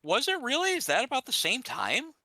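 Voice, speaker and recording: A man's voice: very high-pitched, huge pitch swings, fairly quick, bright, forceful tone, dry recording, low-quality recording. A young man chatting casually with a friend while gaming, rambling, stumbling over his words and laughing often.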